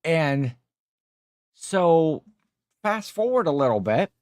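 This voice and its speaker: A man's voice: on the high side, sing-song, slow, darkish tone, no room sound, studio quality. A man hosting a casual livestream chat, rambling through stories and reading out viewer comments. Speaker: livestream host.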